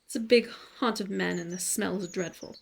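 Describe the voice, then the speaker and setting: A cunning male fox from a bedtime tale, a wary liar who reflects before he speaks. His lines come slow and measured, with a gravelly texture, as a woman narrator voices him. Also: mid-range voice, a little hiss or hum, close to an everyday voice. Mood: sly.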